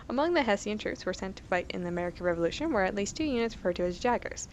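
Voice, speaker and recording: A woman's voice: medium pitch, expressive, very fast, hardly any pauses, highs cut off, a little hiss or hum. A woman doing casual let's play commentary, reading game entries aloud in a chatty, self-correcting way with giggly asides.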